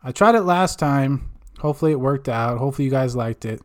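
Riffing through a loose, unscripted monologue, a male podcast host talks fast and animatedly at a middle pitch. He rambles, makes jokes at his own expense, and swears in nearly every sentence.

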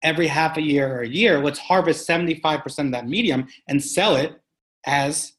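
A man talking as an interview guest about farming, telling an animated story with emphatic, punchy delivery and casual swearing. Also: a little high, brisk. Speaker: guest, sustainable farming practitioner. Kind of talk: conversational storytelling.

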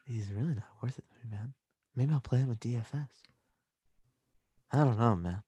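A man's voice: mid-range voice, a little fast, mellow, husky, no room sound, highs cut off. A man co-hosting a fantasy football podcast, chatting casually and hamming up a folksy put-on Minnesota accent. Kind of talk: casual chat.

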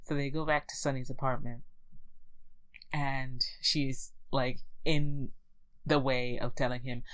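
Brief: low-pitched woman, chatty, wry podcast co-host recapping a film. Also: little pitch movement, slow pace, smooth, rough recording. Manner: chatty, wry, laughing asides. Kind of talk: casual chat, movie recap.

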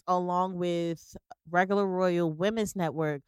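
A woman co-hosting a podcast in relaxed, upbeat casual chat, with plenty of "um" fillers. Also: on the low side, moderate pace, clear, resonant tone, no echo, clean studio sound. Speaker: podcast co-host.

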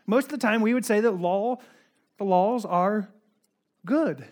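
Chatty high-voiced male pastor. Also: a little slow. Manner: chatty, uses many fillers and asides, swings from loud to quiet. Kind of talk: casual conversational sermon.

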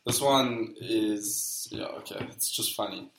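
Man, podcast co-host, quiz-style football banter, bright voice, echoey room. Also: fairly low pitch, unhurried. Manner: reads quotes aloud in a playful quiz. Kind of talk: casual football chat. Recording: roomy echo.

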